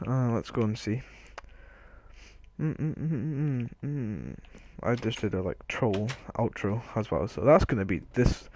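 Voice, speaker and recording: A man's voice: medium pitch, lively intonation, a little slow, darkish tone, a little hiss or hum. A man casually commenting on his own video game play, rambling and joking at himself, often trailing off mid-sentence. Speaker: gaming video host.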